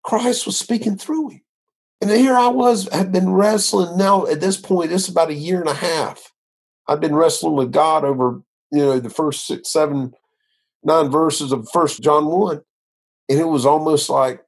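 A man's voice: on the high side, a little slow, slightly rough. A man, a minister, telling his faith testimony in an earnest, rambling conversational way, full of restarts. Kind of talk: conversational interview.

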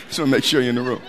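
A man preaching a sermon as pastor, animated and folksy, repeating words for emphasis. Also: medium pitch, background noise. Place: church sanctuary. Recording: long hall reverb.

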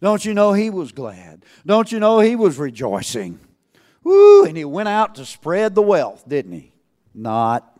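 A man preaching a sermon to a congregation, swinging between loud calls and hushed asides and asking rhetorical questions. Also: sits high, wildly swooping pitch, a little slow.

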